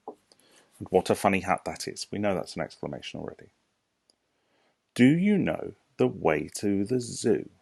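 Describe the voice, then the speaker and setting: Brit guy teaching small kids, real low voice, slow patient explaining, dry sound. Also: dry recording. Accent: British English. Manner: slow, clear, patient explaining with rhetorical questions. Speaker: primary school teacher. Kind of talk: recorded home lesson for young children.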